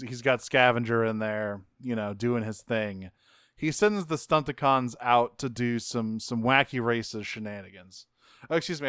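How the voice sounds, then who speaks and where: Man, podcast co-host, laid-back recap, smooth voice, dry close sound. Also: mid-range voice, a bit bright, no echo. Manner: laid-back, swears, laughs often. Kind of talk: casual chat recapping a cartoon.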